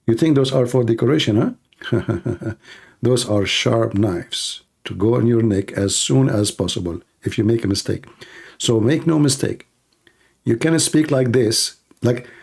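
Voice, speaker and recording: A man's voice: mid-range voice, gravelly, warm tone. A man hosting a teasing, joking live-stream cooking chat. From Middle East. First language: Arabic. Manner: teasing, joking, laughing at own jokes.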